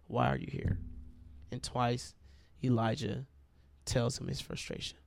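Gravelly-voiced preacher man. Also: medium pitch, darkish tone, no room sound. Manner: conversational, addresses listeners as y'all. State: itchy throat. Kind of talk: sermon.

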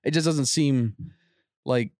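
A man co-hosting a podcast, chiming in with quick jokes and quips. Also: medium pitch, darkish tone, dry recording, clean studio sound. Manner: joking interjections and quips. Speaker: podcast co-host. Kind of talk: casual chat.

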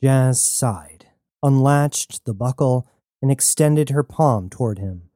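A man narrating a sci-fi story in steady scripted storytelling. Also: medium pitch, slow, no room sound, clean studio sound. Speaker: audiobook narrator.

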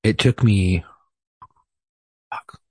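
A man with a low, deeply husky voice tells his story in a loose, profane, rambling way, often joking at his own expense. The sound is close and dry, with no room around it. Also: very slow, no echo. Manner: profane, rambling, self-deprecating. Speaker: podcast guest. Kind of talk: casual storytelling.

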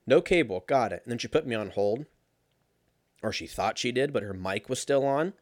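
A young man telling a casual story in a sarcastic, profane, animated way. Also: mid-range voice, moderate pace, dry recording, studio quality.

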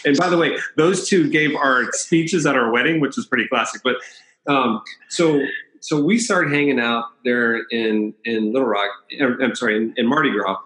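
A man in his fifties tells a personal story as a guest on a talk show. He rambles and corrects himself as he goes, keeping an easy, animated storyteller's flow. His voice sits at a middle pitch and carries a noticeable roomy echo. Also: normal speed. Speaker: podcast guest. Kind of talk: storytelling in conversation.

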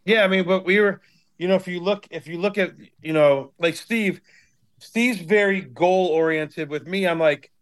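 A man's voice: sits high, moderate pace. A man in his fifties from Cleveland, a guest on a podcast, telling stories bluntly with a lot of swearing. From Cleveland, USA. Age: 50s. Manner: blunt and heavily profane storytelling. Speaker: guest, hardcore band member. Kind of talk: casual podcast chat.

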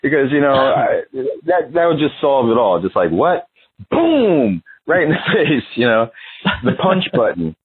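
A man's voice: mid-range voice, lively intonation, normal speed, slightly rough. A man, guest in a casual interview, laid-back and swearing freely. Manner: laid-back, profane, loose storytelling. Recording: phone-line radio sound.

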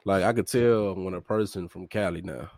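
A man's voice: deep voice, normal speed, a little mellow, no room sound, clean studio sound. A man from Memphis with a Southern accent, a podcast guest talking emphatically and profanely in casual chat. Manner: emphatic, profane, calls people fool and bro.

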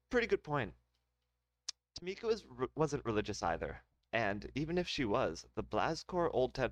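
Man narrating his own sci-fi serial, laid-back, tossing in little asides, low voice, dry. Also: no room sound. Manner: casual, with joking asides and restarts. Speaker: narrator of an audio drama. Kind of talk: reading a self-made sci-fi serial aloud.

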